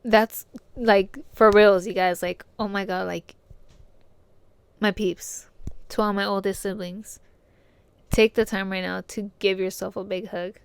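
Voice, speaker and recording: A woman's voice: medium pitch, flat delivery, unhurried, long pauses, smooth, no room sound. A young woman hosting a podcast, giving casual heartfelt advice full of slang and fillers, swearing now and then. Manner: slangy and fillers-heavy, addresses listeners as "my peeps"; earnest, encouraging, swears casually. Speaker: podcast host.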